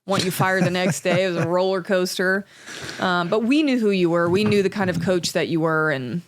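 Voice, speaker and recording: A young woman from Alabama, a podcast guest talking in a reflective, unhurried way with lots of "you know"s. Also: fairly low pitch, slight background noise. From Alabama, US South. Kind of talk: casual conversational interview.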